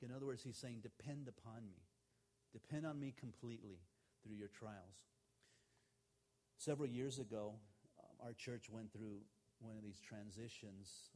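A man's voice: medium pitch, normal speed, a little mellow. Man preaching a conversational sermon. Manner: conversational, retells dialogue with quoted voices. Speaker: pastor. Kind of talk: sermon storytelling.

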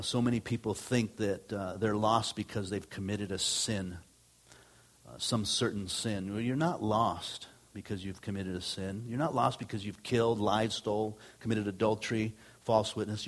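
A middle-aged man, a pastor, preaching a sermon in a conversational way, rising on emphatic lines and dropping low on asides.

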